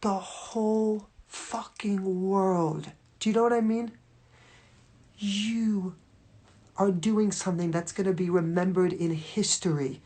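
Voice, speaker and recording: A woman's voice: mid-range voice, fairly even intonation, measured pace, pauses often, dark tone. A woman talking casually to viewers on a phone livestream, rambling and swearing freely with constant fillers. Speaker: livestream host.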